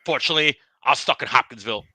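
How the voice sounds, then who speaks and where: Man doing a sore, trash-talking bowling ball, very bright tense voice, dry close sound, comedy podcast bit. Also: mid-range voice, very fast, slightly rough, dry recording. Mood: mocking. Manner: boastful trash talk, repeats the host's name. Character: aggrieved urethane bowling ball, tough-talking male. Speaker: guest.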